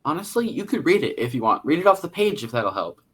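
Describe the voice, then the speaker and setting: A man's voice: fairly high pitch, sing-song, quick pace, fairly bright tone, husky, heavily acted. A man playing a nervous, desperate casting director who is polite to actors but pleads and frets, speaking over a video call. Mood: coaxing. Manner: polite, then pleading and exasperated.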